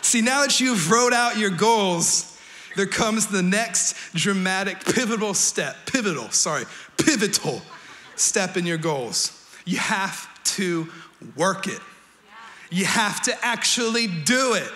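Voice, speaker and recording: In a church sanctuary, a male pastor preaches a sermon with a high-sitting voice, taking it slowly. He's energetic and playful, joking with the congregation and sometimes shouting.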